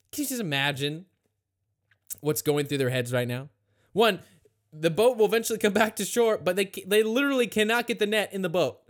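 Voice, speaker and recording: A man teaching a Bible passage in a casual, conversational way, retelling the story with lively asides. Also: fairly high pitch. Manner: conversational, animated retelling with acted quotes. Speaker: pastor.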